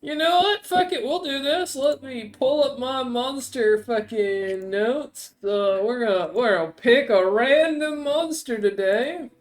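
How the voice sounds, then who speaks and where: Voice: mid-range voice, takes it slowly, hardly any pauses, a little hiss or hum. Laid-back, swearing game master. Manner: loose and rambling, swears, laughs easily. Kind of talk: casual tabletop game narration.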